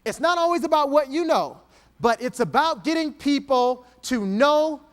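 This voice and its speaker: A man's voice: very high voice, expressive, moderate pace, fairly bright tone. A man giving an interactive keynote talk on stage before an audience, energetically coaching a volunteer. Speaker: keynote speaker.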